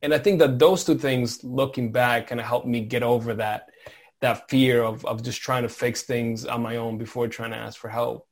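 A man working in IT, speaking as a guest in a thoughtful, halting way while reflecting on his work. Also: mid-range voice, little pitch movement. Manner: thoughtful, halting, searches for words. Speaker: IT professional, guest. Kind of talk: reflective conversation.

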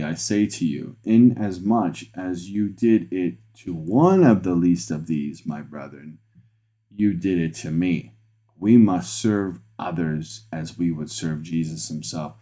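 A deep, mellow-toned man preaches as a pastor. He talks earnestly, circles back over his phrases, and lifts his energy when he drives a point home. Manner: earnest, repetitive restarts, rising excitement when making a point. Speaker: pastor, podcast host. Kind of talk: sermon.

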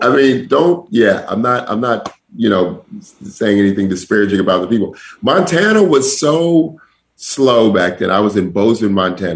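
A man with a low, gravelly voice tells a story as a guest in a chat before a live audience. He jumps up in pitch to act out the voices in his quotes. He is from Denver. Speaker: guest comedian.

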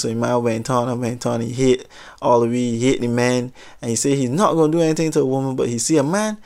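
Animated man telling a comic story. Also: mid-range voice, quick pace. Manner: animated, exaggerating, swearing.

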